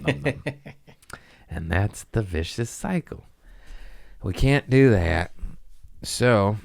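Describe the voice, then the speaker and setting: A low-pitched man rambles through crude comic stories on his podcast and often laughs at his own jokes. His voice sounds dry and close to the studio mic, and he jumps into high mocking voices when he quotes someone. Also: vocal fry, clear, resonant tone, dry recording. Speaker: podcast host. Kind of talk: casual comedic storytelling.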